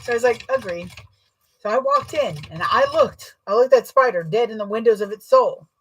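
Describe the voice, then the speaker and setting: Husky-voiced woman telling rambling stories. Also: a little high, lively intonation, moderate pace, poor audio. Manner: chatty, rambling, self-deprecating humor. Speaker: sewing vlogger. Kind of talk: casual storytelling while sewing.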